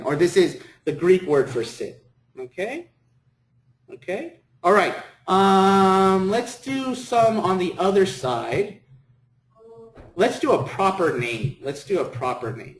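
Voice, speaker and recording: A man's voice: sits high, very animated, slow. A man teaching a classroom lecture, encouraging students and repeating words for them. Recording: echoey classroom.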